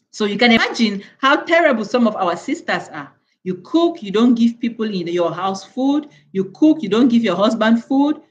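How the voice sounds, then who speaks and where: A woman's voice: medium pitch, muffled recording. A woman from Cameroon hosting a live stream, lecturing her viewers in an emphatic way and repeating words for stress. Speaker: channel host.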